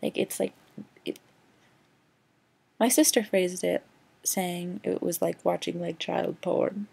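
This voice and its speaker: A woman's voice: fairly low pitch, fairly even intonation, slow pace, gravelly, dark tone, husky. A young woman vlogging a casual, rambling movie rant, sarcastic and full of "like". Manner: sarcastic, rambling, heavy use of "like".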